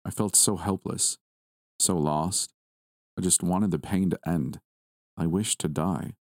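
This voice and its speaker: Deep-voiced man narrating a horror story. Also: fairly even intonation, slow pace, darkish tone, dry recording, clean studio sound. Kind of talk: scripted first-person horror narration.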